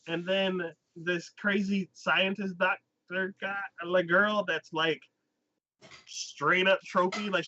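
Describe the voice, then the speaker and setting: A man's voice: a little high, bright, forceful tone. A man hosting an anime talk show, chatting casually and rambling through a plot recap with lots of "like" and restarts. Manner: rambling, heavy use of "like", quick restarts. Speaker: anime podcast host. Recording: dull, lo-fi sound.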